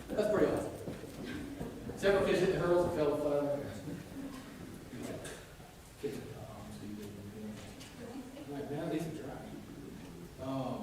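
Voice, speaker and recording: A man preaches in a big, echoing church sanctuary. He tells jokey stories and breaks into loud quoted shouts, and his pitch rises and falls constantly. His voice is picked up from some distance. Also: background noise. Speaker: pastor. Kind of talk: sermon. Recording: echoey church room from a distance.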